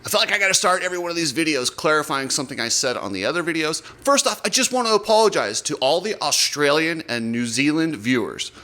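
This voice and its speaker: Chatty male vlog host, bright and slightly high voice, animated commentary delivery. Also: quick pace, few pauses. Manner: animated, chatty and apologetic, talks up riders. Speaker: host of a motocross coverage channel.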